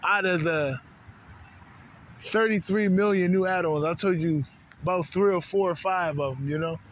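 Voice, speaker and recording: The recording is lo-fi with slight background noise as a spiritual channel host rambles through an unscripted monologue. His voice sits high at a moderate pace, and he wanders between thoughts using loose, profane slang.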